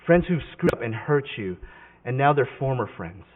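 A man's voice: mid-range voice, very animated, normal speed. A male pastor preaching a sermon in a conversational, emphatic way, often correcting himself mid-sentence. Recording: tinny phone-like sound with long hall reverb.

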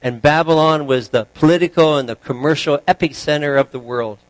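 Man, pastor, sermon, chatty storytelling, somewhat high voice, dry close sound. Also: a little fast, no room sound, low-quality recording. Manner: relaxed, chatty storytelling with asides.

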